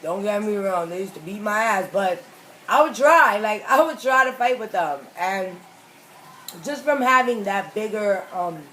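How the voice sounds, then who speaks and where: A woman hosting a mukbang, telling a story in a casual, animated, slangy way and acting out the quoted lines. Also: medium pitch, a little slow, a little hiss or hum, poor audio. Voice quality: animated, emphatic, slangy retelling with acted-out quotes. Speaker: mukbang host. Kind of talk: casual storytelling while eating.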